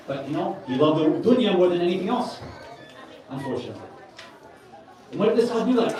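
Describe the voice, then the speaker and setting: A man's voice: high voice, expressive, fast talker, crowd noise. Brief: male preacher, earnest and conversational, recorded far off in a big echoey hall. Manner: earnest, conversational, with Arabic religious terms. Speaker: speaker at a Muharram gathering. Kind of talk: sermon. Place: large hall with a gathering.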